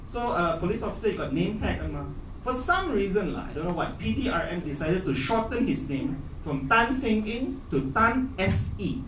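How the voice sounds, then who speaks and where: Animated Malaysian comedian, live club. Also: male voice, high voice, normal speed, slight background noise. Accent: Malaysian English. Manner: animated storytelling. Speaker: stand-up comedian. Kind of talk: stand-up comedy set. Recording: roomy live club, distant mic, laughing crowd. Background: audience laughter.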